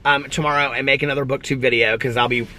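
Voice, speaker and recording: A man chatting casually to camera as a book vlogger, excitable and emotional, rambling with lots of fillers. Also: medium pitch, fast talker, a little hiss or hum. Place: at home.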